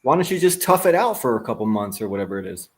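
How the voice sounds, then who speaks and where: A man's voice: mid-range voice, sing-song, fast talker, breathy edge. A man hosting a live stream, joking crudely and chatting casually with his guest. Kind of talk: casual chat.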